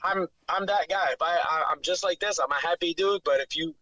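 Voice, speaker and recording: A brash, profane man with a thick New York accent, speaking as a fighter on a podcast. His voice sits high and bright, with a forceful edge. The sound is close and dry, with no room in it. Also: a little fast, dry recording, rough recording. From New York City. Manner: brash, profane trash talk. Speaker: bare knuckle fighter, guest. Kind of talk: casual podcast interview.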